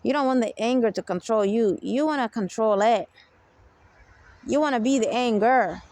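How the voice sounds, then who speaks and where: Gravelly, emphatic woman giving advice. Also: a little high, normal speed, a little mellow. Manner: emphatic, keeps asking "you get me?". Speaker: self-help speaker. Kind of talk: unscripted advice monologue.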